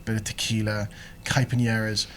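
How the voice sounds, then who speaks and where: A man's voice: lowish voice, flat delivery, moderate pace, a little hiss or hum. A man from England co-hosting a comedy podcast in casual chat, rambling through his ideas, laughing often, and trailing off as he searches for words. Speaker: podcast co-host.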